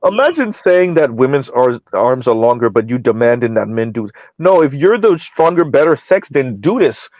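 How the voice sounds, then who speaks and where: A man's voice: mid-range voice, sing-song, normal speed, hardly any pauses, a little mellow, no room sound, highs cut off. A man talking casually and emphatically, firing rhetorical questions and repeating himself. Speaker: podcast host. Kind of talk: casual debate talk.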